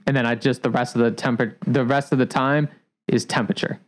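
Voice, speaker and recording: A man who works as a coffee shop barista, talking in a relaxed, rambling way with many fillers in a casual podcast chat. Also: mid-range voice, fairly quick, poor audio.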